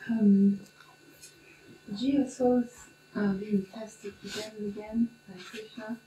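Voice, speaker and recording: A woman's voice: mid-range voice, steady tone, slow pace, dark tone. A woman asking a question, hesitant and full of ums and uhs. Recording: far from the mic in an echoey room with faint hum.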